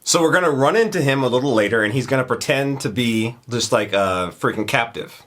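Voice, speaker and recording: A woman's voice: a bass voice, lively intonation, fairly quick, noisy background. A woman co-hosting a cartoon reaction video, chatting casually and laughing often as she explains.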